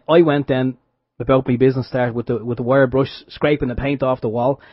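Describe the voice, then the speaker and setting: A man's voice: medium pitch, husky, dry recording. An Irish man co-hosting a radio show, telling a wry story in casual chat with frequent restarts. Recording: dull dry radio sound.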